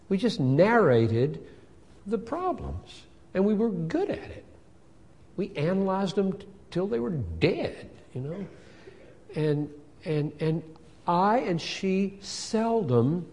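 A man in his sixties preaching a sermon. His delivery swings between loud emphatic bursts and soft asides. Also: mid-range voice. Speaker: pastor. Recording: long hall reverb.

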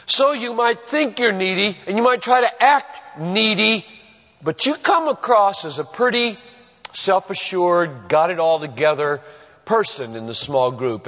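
A male pastor preaches with a high, animated voice that swoops up and down. He is earnest and emphatic, leaning on long pauses. The sound is a dull, muffled recording with long reverb from a church sanctuary. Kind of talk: sermon.

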